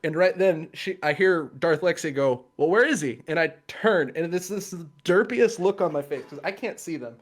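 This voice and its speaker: Man, guest cosplayer, casual storytelling, bit higher voice, laughs through it, video call. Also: normal speed, hardly any pauses. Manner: animated anecdote with laughs and quoted voices.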